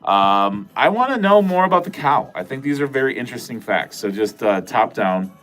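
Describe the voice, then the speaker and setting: A man's voice: mid-range voice, very animated, normal speed, fairly bright tone. A man from Wisconsin with a nasal voice and a Wisconsin accent, rambling casually as a livestream host and swearing now and then. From Wisconsin, USA. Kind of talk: casual livestream chat with viewers.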